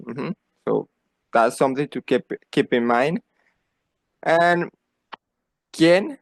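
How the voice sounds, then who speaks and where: Slow, patient male teacher. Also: medium pitch, gravelly, dry recording. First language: Spanish. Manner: patient, repeats phrases for learners to copy. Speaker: Spanish teacher. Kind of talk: slow beginner language lesson.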